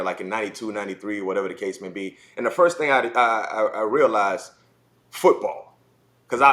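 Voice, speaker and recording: A man in his forties from South Carolina, telling stories in a casual podcast chat, animated and repeating words as he goes. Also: fairly low pitch. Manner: animated, repeats words, acts out kids' voices. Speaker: former football player guest.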